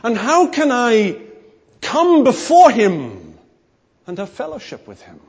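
A man preaching a sermon, emphatic and animated, his emphasis rising and falling. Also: very high voice, slow pace. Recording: long hall reverb.

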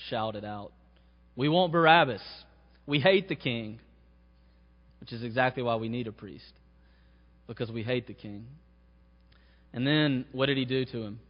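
A man preaching a sermon, his voice rising to stress key phrases. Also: mid-range voice. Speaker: pastor. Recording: muffled sound with long hall reverb.

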